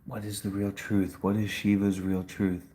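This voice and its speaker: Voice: low-pitched, flat delivery, moderate pace, warm tone, slight background noise. A livestream co-host urging and pleading with the audience and the AI. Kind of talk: livestream chat. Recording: roomy echo.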